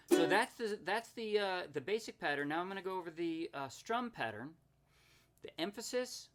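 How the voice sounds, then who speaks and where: A man explaining ukulele chords and strumming in a casual tutorial, chatty and often correcting himself with quick apologies. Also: on the high side. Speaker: ukulele teacher. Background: ukulele playing.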